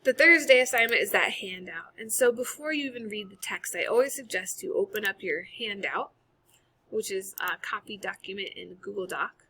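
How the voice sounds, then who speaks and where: Bright-sounding woman teacher going over homework on a screen share, casual and chatty, computer mic. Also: mid-range voice, lively intonation, moderate pace, slightly rough. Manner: casual, upbeat, chatty with fillers. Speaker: high school English teacher. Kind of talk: recorded screen-share lesson walkthrough.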